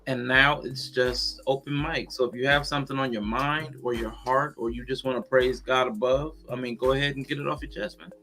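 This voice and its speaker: Man, bright voice, podcast host, laid-back casual moderating. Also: medium pitch, fairly even intonation, a little fast, hardly any pauses, faint music behind. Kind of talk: casual chat.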